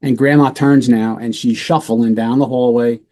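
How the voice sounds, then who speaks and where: Relaxed and matter-of-fact, this middle-aged podcast host, once a police lieutenant, walks through a true-crime case in a dark, mellow voice of medium pitch at normal speed. Now and then he acts out the voices of the story's characters.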